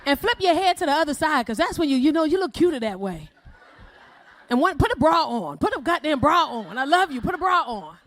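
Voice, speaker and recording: A woman's voice: high voice, big pitch swings, brisk, fairly bright tone. A woman performing a bold, brash stand-up comedy set on a club stage, often laughing at her own jokes. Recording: faint crowd laughter and noise.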